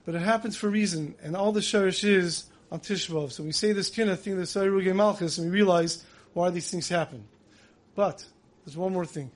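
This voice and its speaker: A man giving a Tisha B'Av style sermon, telling a parable and acting out the dialogue, then slowly chanting lament verses. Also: sits high. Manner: storytelling, acts out dialogue in voices. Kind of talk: sermon with storytelling.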